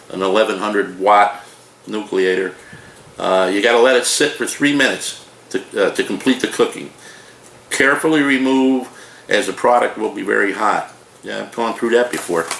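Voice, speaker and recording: Man in his sixties, low voice, folksy rambling home review, echoey kitchen sound. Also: gravelly, fairly bright tone. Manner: folksy, digressive, joking storyteller. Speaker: food reviewer. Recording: roomy echo, faint noise.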